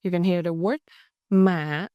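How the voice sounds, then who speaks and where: A young woman with a Vietnamese accent teaching a language lesson, speaking slowly and carefully and drawing out words to show how they sound. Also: medium pitch, animated, clean tone, no room sound, muffled recording. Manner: slow, careful, exaggerated tone demonstrations.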